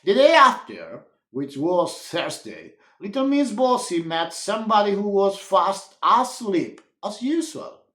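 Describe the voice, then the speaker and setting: A man's voice: high-pitched, very animated, unhurried, a bit bright, echoey room. A man telling a children's story aloud in a playful, theatrical way and talking straight to the listener. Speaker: storyteller teacher. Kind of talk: animated read-aloud storytelling.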